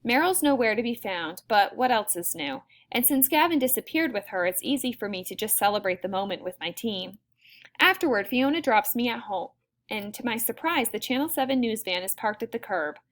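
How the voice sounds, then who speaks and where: A woman reading a first-person audiobook with expressive delivery. Her voice is fairly high and very lively in its pitch, rising and falling with the story. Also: fairly quick. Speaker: audiobook narrator.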